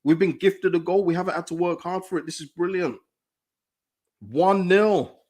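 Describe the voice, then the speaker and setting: Excitable man hosting a football watchalong. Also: sits high, fast talker, husky. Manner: excitable, reads out chat comments, laughs often. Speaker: live-stream football watchalong host. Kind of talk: casual live reaction chat.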